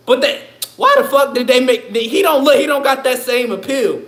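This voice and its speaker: High-voiced man ranting profanely on a livestream. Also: sing-song, moderate pace, a bit bright. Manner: profane, rambling, laughs often. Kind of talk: casual livestream rant. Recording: echoey room.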